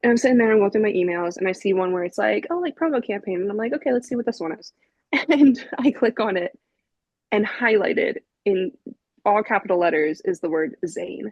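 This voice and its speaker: A woman in her twenties, a podcast guest, telling a story in a casual, animated way, laughing often and using lots of fillers. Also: mid-range voice, a little fast, no room sound, highs cut off. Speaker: podcast guest, vinyl collector.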